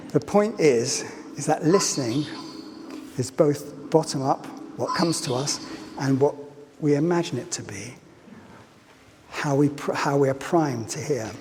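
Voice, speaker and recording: A man's voice: a little high, measured pace, noisy background. A man giving a public lecture, playful and fond of asking his audience questions. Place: lecture hall. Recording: lecture hall reverb, faint ambience.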